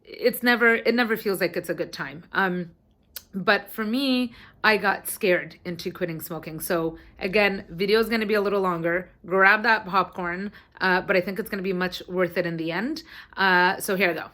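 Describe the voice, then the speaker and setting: A woman in her thirties telling a personal story to her camera in a chatty, animated way, sometimes swearing. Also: medium pitch, normal speed. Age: 30s. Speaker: vlogger.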